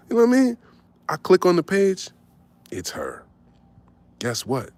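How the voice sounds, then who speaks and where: Animated storytelling man in his forties. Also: sits high, normal speed, vocal fry, long pauses, no room sound. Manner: animated, swearing, tags lines with "right?". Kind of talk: casual storytelling.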